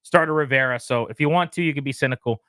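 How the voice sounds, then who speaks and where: A man hosting a sports talk radio show, running briskly through team news and notes. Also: medium pitch, sharp tone, no echo.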